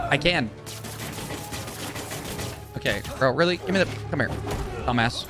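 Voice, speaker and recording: A man streaming a video game, loud and excitable, swearing and trash-talking enemies as he plays. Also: mid-range voice, measured pace, pauses often. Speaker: gaming streamer. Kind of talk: let's play commentary. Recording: game music loud behind voice. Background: video game music and sound effects.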